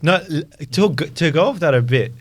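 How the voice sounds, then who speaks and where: A podcast co-host sharing his views in casual chat, thinking out loud and using lots of filler words. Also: on the high side, expressive, brisk. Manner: thoughtful opinions with filler words.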